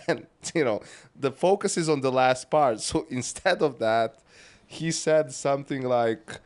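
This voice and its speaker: A male podcast co-host with a middle-pitched voice chats casually. His delivery is flat and monotone, broken up by frequent laughs. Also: measured pace.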